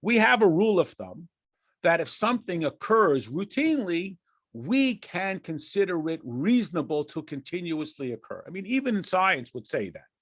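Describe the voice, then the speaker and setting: A man's voice: high-pitched, a bit bright, dry recording, studio quality. An American man teaching a conversational Torah lesson, asking and answering questions with frequent restarts and chuckles. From United States. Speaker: rabbi teaching a class.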